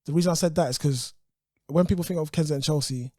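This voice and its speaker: A London man talks quickly and animatedly as a podcast guest, slipping into street slang and acting out what others said. His voice sits a little high, and the recording is dry and close. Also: mellow, no echo. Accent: London English. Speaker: podcast guest, youth business founder. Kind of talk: casual podcast storytelling.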